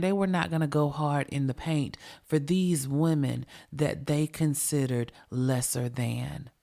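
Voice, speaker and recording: A woman's voice: low-pitched, darkish tone. A woman hosting a true crime podcast, telling the story in a profane, emphatic, conversational way and talking straight to her listeners. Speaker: podcast host.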